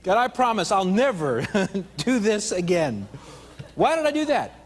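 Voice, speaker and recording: A man's voice: sits high, wildly swooping pitch, unhurried. A man training teachers in a live seminar, playful and drawing the adult audience into call-and-response. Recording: long hall reverb.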